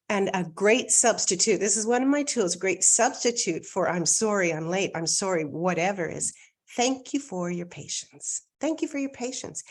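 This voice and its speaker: Emphatic, energetic woman coach from Canada. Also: medium pitch. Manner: energetic and emphatic, repeats key phrases for effect. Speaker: life coach. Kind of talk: casual conversation.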